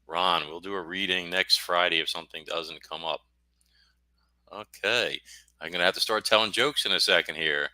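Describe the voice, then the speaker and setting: A middle-aged American man with a very deep voice and a sharp, forceful tone. He rambles and cracks self-deprecating jokes as a podcast guest. The sound is dry and close. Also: normal speed, no room sound. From United States. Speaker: guest author. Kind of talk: casual podcast interview.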